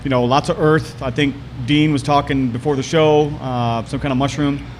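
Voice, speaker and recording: A man co-hosting a casual podcast chat, relaxed and descriptive, with some teasing. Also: mid-range voice, moderate pace, a little hiss or hum. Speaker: podcast co-host.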